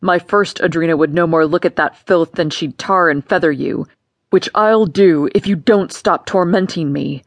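A woman's voice: lowish voice, normal speed, no room sound, voice pushed down. A woman voicing a domineering, menacing father who barks harsh orders. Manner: gruff bellowing commands.

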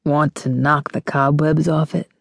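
A woman's voice: low-pitched, unhurried, gravelly, a little mellow, no echo, full character voice. A woman voicing a smug, condescending young male college boyfriend in an audiobook. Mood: smug, pushy. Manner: condescending, pushy.

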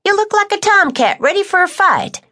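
A woman's voice: very high voice, very animated, fairly quick, sharp tone, exaggerated voice. A woman voicing Tucker, a blunt rural woman who teases in folksy dialect, in an audiobook. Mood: scolding.

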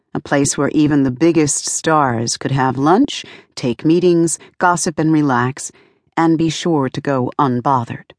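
Reading scripted audiobook narration on a close studio mic, a deep-voiced woman tells the story in an even, measured way. The sound is dry.

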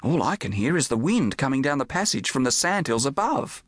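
A man's voice: mid-range voice, big pitch swings, brisk, a bit bright, dry recording, clean studio sound. A man voicing an earnest, courteous male archaeologist poet in an audiobook. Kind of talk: audiobook character voice.

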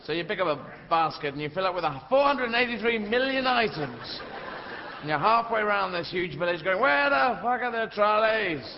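Middle-aged guy doing stand-up live in a big hall, lively swoopy voice, crowd laughing in the back. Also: sits high, fairly quick. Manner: rambling, animated, puts on shouting old-lady voices. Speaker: stand-up comedian. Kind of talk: stand-up comedy routine. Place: large theatre stage. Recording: live hall recording, dull sound, audience noise. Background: audience laughter.

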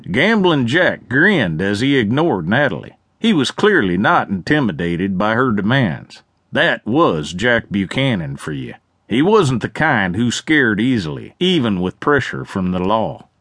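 Guy reading a western audiobook, lively up and down voice, dry studio sound. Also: mid-range voice, measured pace, no echo. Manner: lively, expressive storytelling. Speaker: audiobook narrator. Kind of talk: scripted western narration.

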